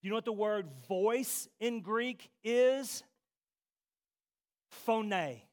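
A man with a high-pitched voice preaching a sermon at an unhurried, deliberate pace. He speaks straight to his congregation and repeats key phrases for weight. His voice moves between hushed, low passages and loud, ringing cries. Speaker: pastor.

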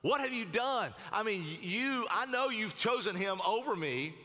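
A furious older king, as a preacher puts him on, hurls shouted accusations. His voice climbs high and bright with rage. It echoes through a long hall reverb. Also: expressive, a little slow, full character voice.

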